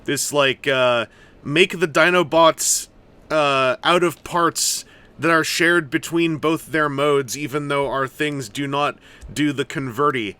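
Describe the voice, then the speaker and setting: A man's voice: on the high side, slow pace, bright, forceful tone, smooth. A man giving casual, rambling commentary while building and unboxing a collectible toy, with jokey asides. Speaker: toy reviewer.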